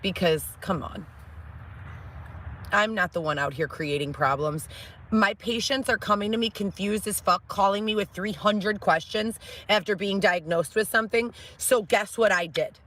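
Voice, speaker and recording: A woman with a bright, forceful voice rants through a live stream, swearing freely and jumping into high mimicking voices. Her talk is heated and animated. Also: moderate pace. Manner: animated, profane, mimics others in raised voice. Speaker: live-stream guest ranting about past job. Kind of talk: ranting live-stream monologue.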